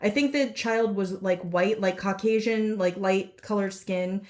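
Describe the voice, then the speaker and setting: A woman with a mid-range, darkish voice speaks at a measured pace. She's a psychic giving a casual channelling reading, rambling and unsure, with plenty of fillers and self-corrections.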